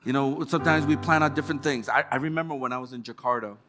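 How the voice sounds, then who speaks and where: A male pastor gives a sermon in a church, talking to the congregation as if chatting and playing out little quoted exchanges. His voice sits at an ordinary middle pitch. Soft music plays faintly beneath him. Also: quick pace. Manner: conversational storytelling with quoted asides. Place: church hall.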